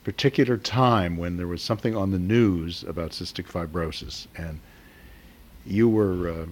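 A middle-aged man and father, slowly recounting a hard family memory with hesitant pauses and emotion. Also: low-pitched, darkish tone. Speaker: father of the patient. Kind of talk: personal storytelling.

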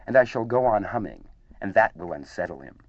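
A man doing a slow-thinking kindly bear. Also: on the low side, lively intonation, dry recording, muffled recording. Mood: earnest. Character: slow-witted, kindly male teddy bear.

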